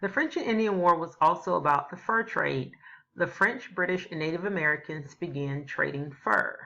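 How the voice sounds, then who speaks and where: Low gravelly woman teaching history. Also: moderate pace, sharp tone. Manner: explanatory, casual asides. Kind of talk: classroom history lesson. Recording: dull lo-fi recording.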